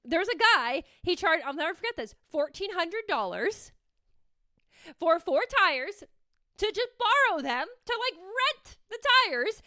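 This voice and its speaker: A young woman from the Bay Area chats on her podcast in a high, bright voice. She tells her story in a rambling way, full of "like", and the sound is close and dry. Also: a little slow, dry recording. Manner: rambling, lots of "like", animated retelling. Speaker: podcast host. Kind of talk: casual storytelling chat.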